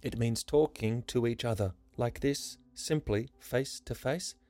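Firm caring young woman, voiced by a man, raised pitch, brisk scolding tone, rhyming tale. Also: a little mellow, soft background music, close to an everyday voice. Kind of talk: rhyming storytelling.

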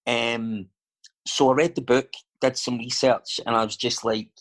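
This Scottish guest, an actor and filmmaker, has a mid-range, slightly bright voice with a level tone and a somewhat slow delivery. He's chatting casually, telling stories and wandering off on tangents full of filler words.

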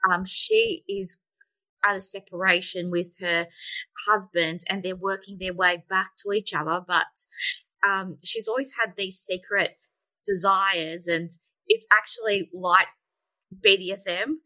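Earnest bright-voiced woman author guest. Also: mid-range voice, fairly even intonation, dry recording, low-quality recording. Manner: earnest, measured, with fillers. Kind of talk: interview answers.

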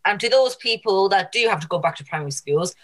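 A woman's voice: medium pitch, expressive, fast, fairly bright tone. A woman co-hosting a podcast in casual chat, jokey and rambling. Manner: jokey, rambling, puts on silly voices. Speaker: podcast co-host.

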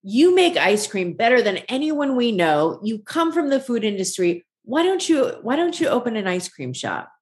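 A woman in her forties, a guest on an interview show, tells her story in a lively conversational way and acts out the lines she quotes. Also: a little high, moderate pace, few pauses. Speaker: guest, ice cream shop founder.

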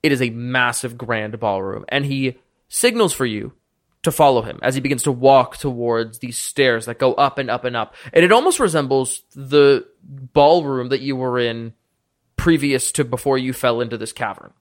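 A man narrating a tabletop game as dungeon master with lively, descriptive storytelling. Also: mid-range voice, normal speed.

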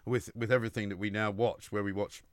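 A man hosting a radio talk show, chatting and telling stories in a brisk, conversational way. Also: fairly low pitch, little pitch movement, no room sound, studio quality. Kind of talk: casual radio chat.

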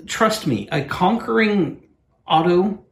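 A man's voice: high-pitched, lively intonation, takes it slowly, vocal fry. An American man co-hosting a podcast in an earnest, meandering casual chat, often restarting his sentences. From United States. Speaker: podcast co-host and producer. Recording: roomy echo.

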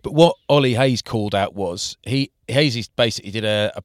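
A man in casual podcast banter, telling an animated story about a friend. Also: fairly low pitch, normal speed, no room sound, clean studio sound. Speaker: podcast co-host. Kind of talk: casual chat.

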